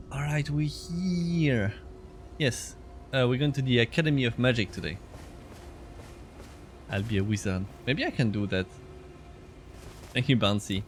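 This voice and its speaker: A man's voice: medium pitch, a little hiss or hum. A man streaming a video game, chatting casually with viewers, reading their comments and laughing often. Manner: chatty, laughs often, reads chat aloud.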